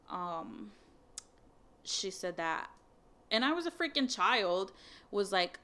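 Smooth-voiced young woman telling a story. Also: medium pitch, slow. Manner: candid, swears, many fillers, animated retelling of dialogue. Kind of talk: casual storytelling chat.

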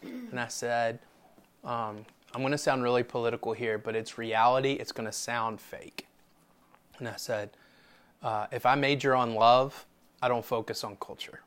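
A man preaching a sermon to his church as pastor, telling a story and reading scripture, swinging from loud declarations to hushed asides. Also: mid-range voice, steady tone, moderate pace, smooth.

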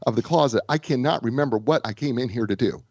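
A man co-hosting a casual talk show and author of a book, telling stories with animated repetition and false starts. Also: medium pitch, fast, no echo, highs cut off. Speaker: podcast co-host and author. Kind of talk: casual chat.

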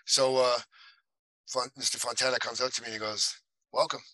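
A man's voice: medium pitch, brisk, rough recording. A man, an actor guest in a podcast interview, telling anecdotes casually and acting out the people he quotes. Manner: animated anecdotes, acts out quoted voices.

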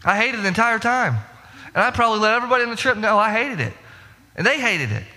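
A man's voice: high-pitched, expressive, fast talker, sharp tone, big-room sound. A young man preaching a sermon, telling a story against himself and building to emphatic rhetorical questions. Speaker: pastor.

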